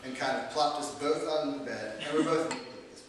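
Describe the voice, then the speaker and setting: A man's voice: a little high, moderate pace, crowd noise. Rambling man telling a story in an echoey hall. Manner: rambling, self-deprecating, many fillers. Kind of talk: live comic storytelling. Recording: echoey hall, distant mic.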